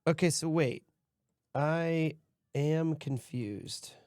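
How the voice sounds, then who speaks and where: Man, streamer host, casual rambling chat, slightly high voice, dry close sound. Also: very slow, a little mellow, no echo. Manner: rambling, self-correcting, easygoing. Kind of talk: casual chat while building a model set.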